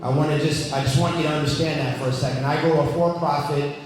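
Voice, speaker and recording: A man's voice: on the high side, steady tone, fast talker. A man emceeing a live event, introducing speakers in a chatty, loose way. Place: large event hall. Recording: echoey hall, mic from far off.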